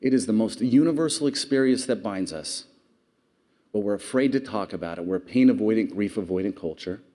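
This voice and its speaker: A man's voice: on the low side, brisk, warm tone. A man giving an earnest public speech, telling stories and asking the audience questions. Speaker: award speaker.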